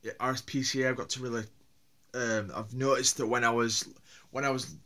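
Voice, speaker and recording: A man's voice: medium pitch, steady tone, fairly quick, sharp tone. A man from Yorkshire with a Yorkshire accent, vlogging on his own in a rambling, hesitant way with many fillers and restarts. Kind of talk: casual solo vlog.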